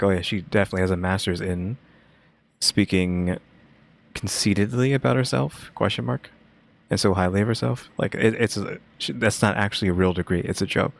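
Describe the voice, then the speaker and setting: A man's voice: deep voice, flat delivery, a little fast, gravelly. A man reacting casually, puzzled and thinking aloud.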